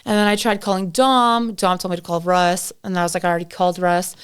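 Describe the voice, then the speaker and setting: A woman's voice: fairly low pitch, flat delivery, quick pace, clear, resonant tone. A young woman from Canada telling a long story in casual chat, acting out both sides with lots of "like". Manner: chatty, acts out both sides of a story with filler "like". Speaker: podcast guest.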